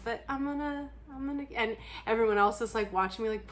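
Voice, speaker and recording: A woman's voice: mid-range voice, fast talker, slight background noise. A young adult woman talking bluntly and candidly to camera in a casual vlog chat, laughing often and swearing freely. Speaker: book vlogger.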